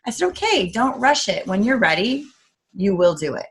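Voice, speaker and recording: A woman's voice: mid-range voice, normal speed. A middle-aged woman from the United States, talking earnestly in a casual interview and acting out the voices of people she quotes. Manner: earnest, animated, acts out quoted talk. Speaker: guest speaker, coach.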